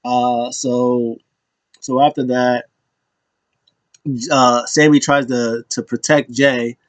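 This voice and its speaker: A man's voice: medium pitch, little pitch movement, slow pace, dry recording. A man casually recapping wrestling events in a rambling, amused way, often laughing as he retells them. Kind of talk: casual chat.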